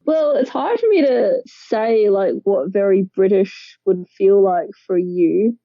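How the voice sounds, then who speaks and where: A woman's voice: medium pitch, lively intonation, slow pace, no echo. An Australian woman in casual discussion, thoughtful and peppered with "like" fillers. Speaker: co-host. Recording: dull, lo-fi dry recording.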